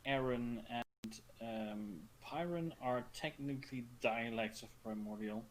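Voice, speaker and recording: A man's voice: medium pitch, takes it slowly. A man playing in a tabletop game, explaining rules and lore matter-of-factly. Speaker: player. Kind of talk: casual tabletop game play.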